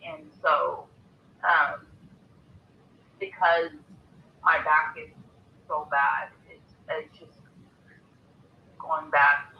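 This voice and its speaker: Hoarse gravelly man on a call. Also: on the high side, flat delivery. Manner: halting, many ums. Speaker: guest caller. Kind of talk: casual chat. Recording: echoey, muffled call audio.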